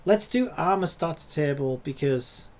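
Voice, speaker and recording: A man's voice: fairly high pitch, expressive, a little slow, slight background noise. A man in a casual coding vlog who swears and rants in exasperation at his screen. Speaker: hobby programmer.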